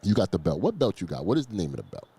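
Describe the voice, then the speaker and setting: A man's voice: low voice, wildly swooping pitch, rapid-fire, creaky, warm tone, slightly rough. A man hosting a battle rap league, chatting casually and rambling, often stumbling over and repeating words. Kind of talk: casual interview chat.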